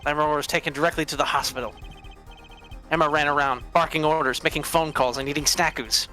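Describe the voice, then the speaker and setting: A woman's voice: deep voice, steady tone, sharp tone, faint music behind. A woman playing an earnest young male lawyer. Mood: shaken narration. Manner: nervous, eager, quick to exclaim. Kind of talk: fan voice acting of a game.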